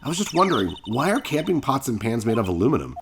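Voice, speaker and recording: A man's voice: mid-range voice, big pitch swings, fast, a little hiss or hum. A man voicing a cheerful, curious teenage girl sidekick who asks naive questions in a bubbly way. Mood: playful.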